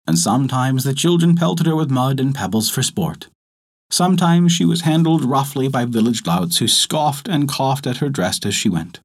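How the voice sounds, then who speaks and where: Guy reading a folktale aloud, husky, really expressive up and down pitch. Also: moderate pace. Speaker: storyteller. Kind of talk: scripted folktale narration.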